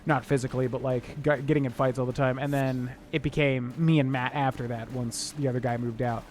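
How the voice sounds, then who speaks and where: A man streaming a game, rambling candidly in casual chat and giving quick gameplay tips. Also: mid-range voice, fairly even intonation, darkish tone, a little hiss or hum.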